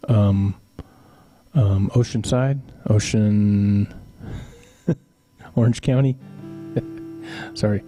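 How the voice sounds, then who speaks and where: A man's voice: fairly low pitch, very slow, long pauses, warm tone, soft background music. A middle-aged man hosting a live stream, chatting casually with viewers and telling rambling family stories with chuckles and teasing asides. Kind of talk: casual storytelling to chat.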